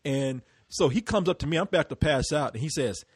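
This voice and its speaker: An American man hosting a podcast, telling stories in a lively, profane, laughing way. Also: on the high side, brisk, breathy edge, dry recording, clean studio sound. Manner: animated storyteller, swears freely, laughs a lot. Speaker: podcast host. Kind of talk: casual podcast chat.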